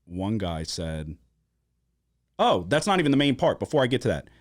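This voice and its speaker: A man from Louisiana hosting a sports-betting podcast, telling a story in casual chat with a lot of swearing and animated emphasis. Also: on the low side, normal speed, no echo, studio quality. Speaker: podcast host. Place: studio.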